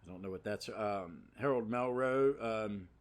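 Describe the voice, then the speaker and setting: A man's voice: on the low side, unhurried. Chatty man rambling about comics. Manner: rambling, chatty, with many asides and fillers. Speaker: podcast host. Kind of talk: casual comic book review.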